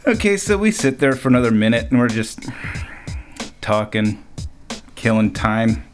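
A man telling a personal story in a relaxed way, chuckling often between lines. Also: mid-range voice, unhurried, soft background music. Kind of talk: storytelling anecdote.

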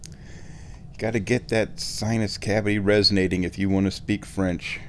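A man's voice: on the low side, flat delivery, normal speed, a bit bright, a little hiss or hum. A drowsy man rambling casually to his viewers at home, chuckling often, his sinuses a bit stuffed. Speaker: vlogger. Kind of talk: rambling casual chat to camera.

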